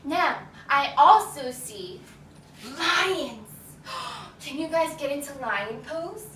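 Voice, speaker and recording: A woman's voice: high-pitched, expressive, slow pace, fairly bright tone, slight background noise. A woman leading a children's yoga lesson, upbeat and encouraging, calling out poses and animal sounds for the kids to copy. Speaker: yoga teacher. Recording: echoey room, from a distance.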